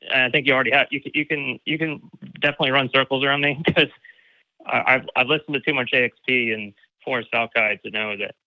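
A man calling in to a talk show, speaking haltingly with lots of restarts and sounding grateful. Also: medium pitch, steady tone, dry recording. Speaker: caller. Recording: dull phone-line audio.

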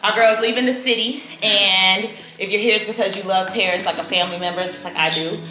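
A woman leading a toast for a friend at an indoor party, lively and slangy, guiding the group. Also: medium pitch, brisk, slight background noise. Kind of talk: casual party speech. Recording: echoey room with loud party music.

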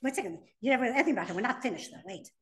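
A woman's voice: fairly high pitch, very fast. A woman teaching a class, reading sources aloud and translating them as she explains. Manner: animated, reads Hebrew text then translates. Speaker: Torah teacher. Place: classroom with students.

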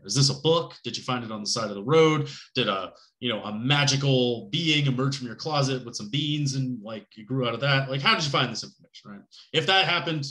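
Male college instructor, bright tone, loose chatty delivery, roomy echo. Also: medium pitch. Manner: casual, conversational, lots of fillers and "right?" checks; joking asides. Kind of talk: recorded class lecture.

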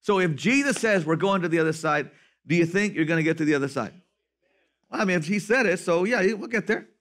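A man preaching a lively sermon as pastor, swinging from loud to soft. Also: high-pitched, fast.

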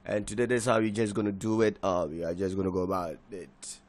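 A man giving a software tutorial as a DJ, talking haltingly with many fillers and switching into Twi. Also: deep voice, flat delivery. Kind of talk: screen-recorded software tutorial.

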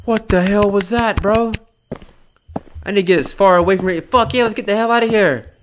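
A young man giving casual commentary on a horror game, loud, jumpy and swearing, taunting the monster and then panicking. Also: high-pitched, brisk, a little hiss or hum. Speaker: gameplay streamer.

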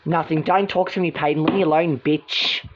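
A woman's voice: sits low, steady tone, moderate pace, background noise, pitched below the performer's own voice, lightly acted. A woman voicing a sullen, bitter young woman who swears curtly, in an amateur voice drama. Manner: curt and swearing. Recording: dull lo-fi recording.

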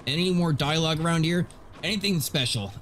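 A man giving gameplay commentary as a video host, animated and ranting. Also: on the high side, fairly quick, soft background music. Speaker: gaming YouTuber.

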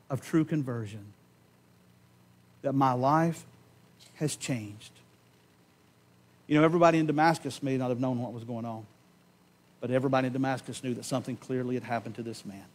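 A man preaching a sermon in a church, giving an impassioned personal testimony that swings from loud emphasis to hushed tones and slows on key words. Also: mid-range voice. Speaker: pastor. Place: church sanctuary.

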